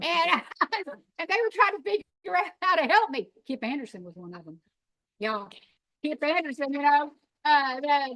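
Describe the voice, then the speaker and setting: A middle-aged woman, telling her story in an animated, folksy, emphatic way. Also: sits high. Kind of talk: storytelling talk.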